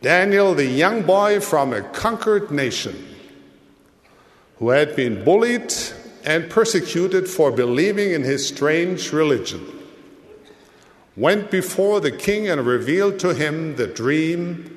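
A man giving a sermon in a measured, deliberate way, with his voice rising and falling for emphasis. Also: a little high, lively intonation. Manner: slow, measured delivery with dramatic rises and drops. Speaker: church leader. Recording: long hall reverb.

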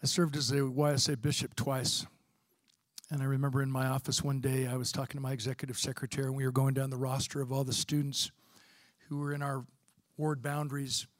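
A man's voice: medium pitch, level tone, a little fast, no echo, clean studio sound. A middle-aged man telling a personal story in a folksy, conversational talk. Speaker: speaker, former bishop.

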